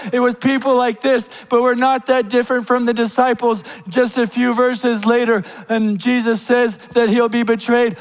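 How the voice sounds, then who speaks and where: A man preaching a sermon at a church service, impassioned and rhetorical, dropping to a hush and then rising to loud declarations. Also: little pitch movement, smooth, big-room sound, rough recording. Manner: swings between hushed, slow lines and loud, high declarations.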